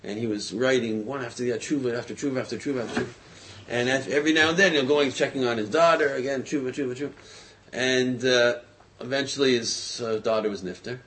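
A man's voice: mid-range voice, quick pace, slight background noise. Guy chatting thru a story, loose and conversational, lots of uh and you know. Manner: conversational, full of fillers and restarts, animated quoting. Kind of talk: casual storytelling.

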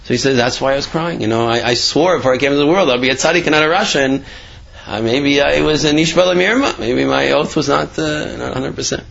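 A man's voice: mid-range voice, fast talker, creaky, a bit bright. A man giving a casual Torah talk, telling stories and asking rhetorical questions with many fillers. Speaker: Torah teacher. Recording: dull lo-fi sound.

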